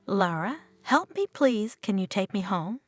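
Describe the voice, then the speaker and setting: A woman's voice: mid-range voice, sing-song, measured pace, faint music behind. Woman reading as a dazed grieving widower. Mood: pleading. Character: grieving middle-aged male widower, dazed.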